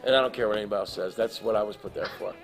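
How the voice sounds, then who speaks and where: Man, gravelly low voice, animated storyteller, interview guest, faint music behind. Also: rapid-fire. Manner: lively storyteller who acts out the people in his story; emotional, laughs while telling. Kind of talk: animated anecdote in a live interview. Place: live event in front of an audience.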